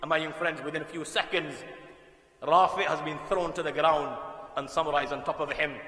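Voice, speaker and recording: A man preaching a sermon to young listeners, telling stories with passion, swinging from loud bursts to quiet drops. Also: on the high side, fairly even intonation, a little fast. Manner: impassioned, emphatic storytelling with sudden loud bursts and quiet drops. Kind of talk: sermon storytelling to youth. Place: mosque hall. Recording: echoey mosque hall.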